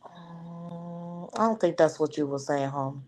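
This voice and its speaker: A woman's voice: on the low side, fairly even intonation, unhurried. A woman co-hosting a casual panel discussion, pushing back in a playful, teasing way. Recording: crowd noise behind. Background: crowd.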